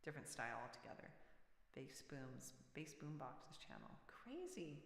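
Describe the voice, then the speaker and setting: Woman streamer, gravelly voice, chatty and reactive, long echoing reverb. Mid pitch. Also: expressive, moderate pace, fairly bright tone. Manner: chatty, reacts aloud to chat messages. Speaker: livestream musician host. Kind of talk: casual livestream chat with viewers.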